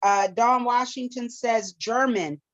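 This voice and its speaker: Here the woman's pitch is fairly high and her pace slow, captured in a dry, muffled recording. She's a co-host leading a quiz on a casual live podcast, chatty and quick to laugh, peppering her talk with playful foreign phrases.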